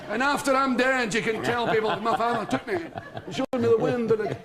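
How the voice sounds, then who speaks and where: A man's voice: very high voice, a little fast, very noisy. A Scottish man telling comic stories as a talk show guest, laughing through them. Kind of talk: comic storytelling. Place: television studio with audience.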